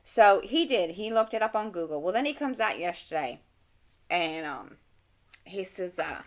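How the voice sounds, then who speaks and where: A woman's voice: mid-range voice, expressive, moderate pace. A middle-aged woman chatting casually at home while crafting, rambling and talking to herself as she works. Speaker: channel host. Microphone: desk mic.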